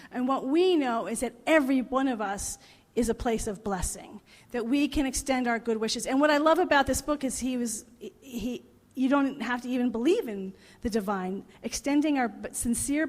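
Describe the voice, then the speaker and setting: A woman minister giving a reflective sermon, laughing at her own jokes as she tells them. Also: a little high. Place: parish hall. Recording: long reverb of a parish hall.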